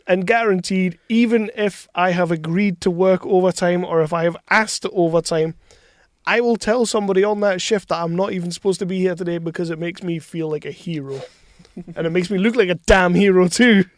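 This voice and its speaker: A man trades film banter on a podcast, laughing often and swearing freely as he acts out favourite quotes. His voice sits a little high, and the sound is close and dry. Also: fairly quick, dry recording. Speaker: podcast co-host. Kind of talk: casual banter.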